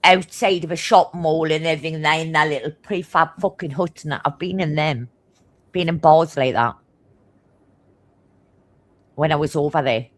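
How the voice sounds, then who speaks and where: A middle-aged woman from Newcastle with a thick Geordie accent and a slightly low voice. She tells stories fast and bluntly, with swearing in nearly every line. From Newcastle, England. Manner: swears constantly, blunt and animated; talks fast. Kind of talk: casual chat, storytelling.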